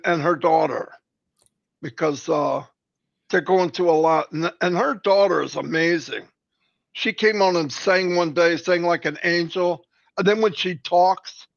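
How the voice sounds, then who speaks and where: A man's voice: a little high, gravelly, a bit bright, no echo, muffled recording. A man hosting a casual live stream, talking earnestly and rambling with many restarts. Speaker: host.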